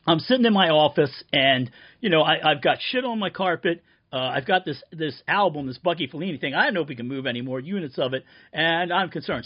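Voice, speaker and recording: A man from Philadelphia telling a profane, rambling comic tall tale in deadpan style. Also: a little high, dull audio. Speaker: band member promoting a reissue.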